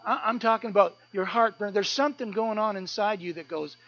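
A man preaching in a high, light voice, pressing his points with earnest emphasis and frequent repeated words. The sermon comes through a dull, muffled recording that takes the edge off the sound. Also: a little fast. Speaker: pastor. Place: church service.

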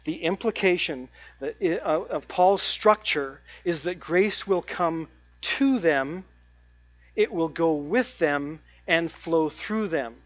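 A preacher giving a sermon, stressing key points by repeating phrases and slowing down on them. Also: medium pitch, lively intonation. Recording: dry, dull lo-fi sound.

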